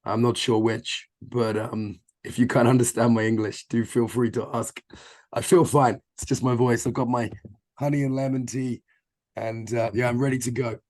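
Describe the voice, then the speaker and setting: Hoarse man on a video call. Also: mid-range voice, little pitch movement, moderate pace, a little mellow. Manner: jokey, self-deprecating, informal. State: hoarse, voice nearly gone. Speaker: trainer. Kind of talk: online training talk.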